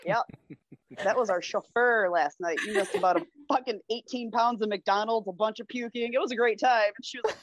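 A woman's voice: medium pitch, a little fast, dull audio. A woman casually telling a rowdy story on a podcast, swearing freely and laughing as she goes. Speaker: podcast guest.

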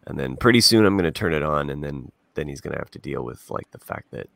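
Brief: deep gravelly man, animated delivery, dry close sound. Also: fast, no echo. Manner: rambling, laughs easily. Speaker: podcast co-host. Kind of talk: casual chat.

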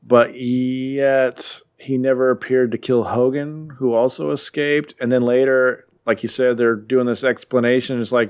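A man in casual chat, recapping a comic as a podcast co-host, animated and jokey. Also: mid-range voice, clean tone. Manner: animated, puts on quick silly voices while retelling.

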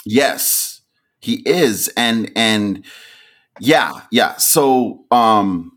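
Man, podcast co-host, unhurried delivery, lively swinging pitch, laughs a lot. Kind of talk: casual chat.

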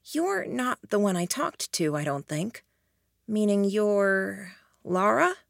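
A woman voicing a sly, teasing young man who talks softly and dryly in an audiobook. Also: medium pitch, expressive, slow pace, vocal fry, no echo, studio quality.

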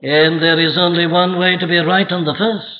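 A man's voice: fairly high pitch, little pitch movement, normal speed. A man preaching a sermon from Wales with an emphatic, dramatic delivery. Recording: echoey hall, dull archival audio.

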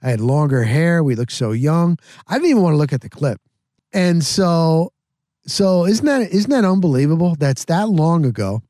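Male podcast host, a bit higher voice, animated rambling storyteller, dry close-mic sound. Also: normal speed, no echo. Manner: rambling, animated, repeats himself. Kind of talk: casual storytelling.

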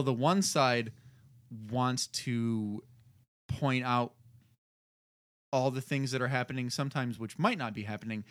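A man's voice: mid-range voice, fairly bright tone, no room sound, clean studio sound. A man co-hosting a casual podcast chat, rambling and groping for words, often laughing at himself. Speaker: podcast co-host.

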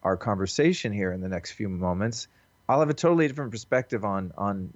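His voice is fairly low and expressive, fairly quick, with no room sound. Appearing as a podcast guest over a call, he reflects earnestly while staying casual and swearing loosely, and the call audio is dull and lo-fi.

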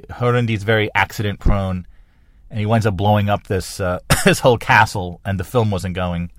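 A man's voice: on the low side, no echo, clean studio sound. A middle-aged man from New Jersey hosting a podcast, talking on his own in a rambling, enthusiastic way with many restarts. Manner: rambling, enthusiastic, self-correcting. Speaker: podcast host. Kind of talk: casual solo monologue.

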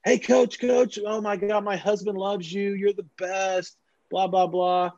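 A man's voice: high-pitched, level tone, measured pace, darkish tone, no echo, voice pushed up. A man imitating an eager adult sports fan who gushes over a coach, on a slightly dull recording. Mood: starstruck. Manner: gushing, eager. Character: adoring adult sports fan, starstruck and gushing.

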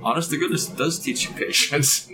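An older man chatting as a podcast guest, a relaxed storyteller who chuckles as he talks. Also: a little high, fairly quick, over music, poor audio. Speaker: guest, father of a co-host. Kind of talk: casual podcast chat.

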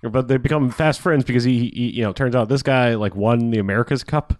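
A man casually recapping a movie plot on a podcast, slipping into quick character voices and laughing as he goes. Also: mid-range voice, a little mellow, dry recording, clean studio sound. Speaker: podcast co-host. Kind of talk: casual movie review chat.

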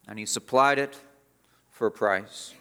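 A man's voice: fairly low pitch, unhurried, vocal fry, fairly bright tone, smooth. A man preaching an expository sermon as pastor, emphatic and repeating phrases for stress.

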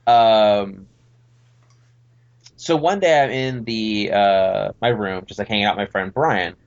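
A podcast guest tells a long childhood story in casual chat, rambling animatedly and doing the voices of the people involved. He speaks slowly in a lowish voice, and the recording sounds muffled.

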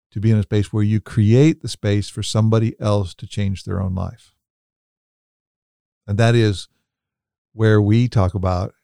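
A man co-hosts a podcast in a reflective, coaching style, sharing stories from his own life. His voice sits on the low side, creaky and warm, and the studio-quality recording has no echo.

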